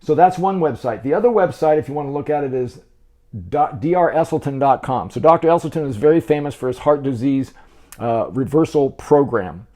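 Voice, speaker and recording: This man's voice runs on the high side with a darkish tone, and he talks a little fast. Eating on camera for a laid-back health video, he chats encouragingly to whoever's watching, frequently restarting and repeating his words.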